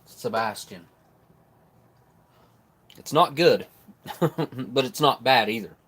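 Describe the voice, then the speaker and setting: Eating as he goes, a man reviews old military rations live on stream in a relaxed, chatty way, speaking while chewing. His voice is medium-pitched, slow, and slightly rough.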